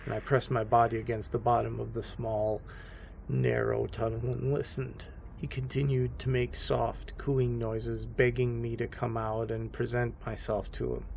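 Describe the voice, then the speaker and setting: A man narrating a scripted horror story in a slow, hushed and somber way. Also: medium pitch, creaky, slight background noise.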